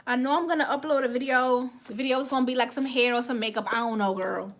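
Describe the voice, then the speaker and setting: A high-pitched woman with a light West Indian accent talks through a makeup livestream in a loose, chatty way. She restarts words often and keeps thanking viewers by name. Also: steady tone, quick pace. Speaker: beauty vlogger on a livestream. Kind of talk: casual livestream chat.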